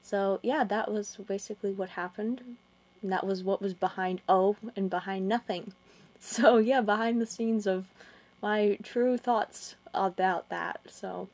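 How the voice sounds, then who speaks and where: A young woman vlogging casually about a chat exchange, rambling and halting with many restarts. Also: mid-range voice, steady tone, a little mellow. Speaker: gaming video creator. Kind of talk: casual vlog recounting a chat.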